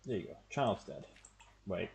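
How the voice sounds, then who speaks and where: A man's voice: deep voice, very animated, measured pace, vocal fry, darkish tone, a little hiss or hum. A man, casually talking to himself as he plays a game on stream. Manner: muttering thoughts to himself while playing. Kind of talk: casual gameplay commentary.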